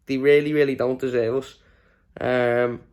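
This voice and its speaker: A worn-out man rants about his team's loss straight to camera. He sounds exasperated and drained, swears freely, and pitches at an ordinary middle register for a man. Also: flat delivery, unhurried, a little mellow. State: exhausted from little sleep. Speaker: fan channel host. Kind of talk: post-match reaction rant to camera.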